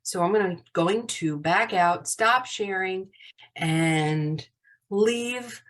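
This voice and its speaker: A woman's voice: medium pitch, slow, fairly bright tone. A woman teaching a live online class over a video call, upbeat and full of praise for her students.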